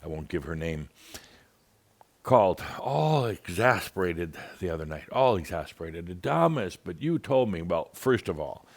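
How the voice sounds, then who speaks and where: A man with a very low voice leads a spiritual gathering as a channeled teacher. He speaks theatrically and teases his listeners with wry humor. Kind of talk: monthly spiritual gathering talk.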